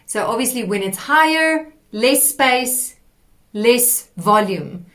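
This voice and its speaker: A woman teaching a singing lesson, explaining patiently and demonstrating sung warm-up exercises. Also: a little high, animated, slow pace. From South Africa. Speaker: vocal coach.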